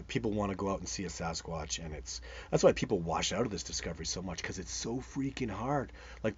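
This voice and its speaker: Rambling, enthusiastic man with a low voice. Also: breathy edge. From Canada. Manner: rambling and enthusiastic, many restarts. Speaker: host of a live Bigfoot show. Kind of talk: live-stream chat answering viewer comments. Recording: dull sound with faint background noise.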